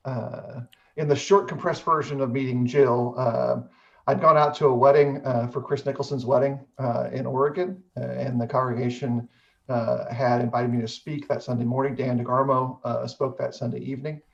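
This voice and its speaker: A middle-aged man hosting a casual chat, speaking in a measured way with frequent hesitations. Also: medium pitch, gravelly. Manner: measured, many "uh" fillers. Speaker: host. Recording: dull lo-fi audio.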